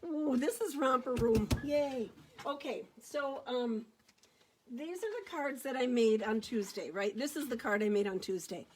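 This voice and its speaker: A woman's voice: fairly high pitch, measured pace, darkish tone. A middle-aged woman demonstrating card-making on a casual live stream, chatty and upbeat, greeting viewers by name as she talks into her phone.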